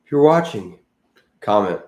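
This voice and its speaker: A man co-hosting a podcast, telling animated anecdotes in casual chat. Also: lowish voice, normal speed. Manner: talkative, animated anecdote teller. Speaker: podcast co-host. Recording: roomy echoey room.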